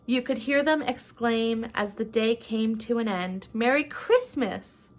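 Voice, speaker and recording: A woman vlogger reading a rhyming picture book aloud at home at night, in an unhurried storytelling way, then chatting casually. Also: on the high side. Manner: unhurried storytelling, laughs between lines.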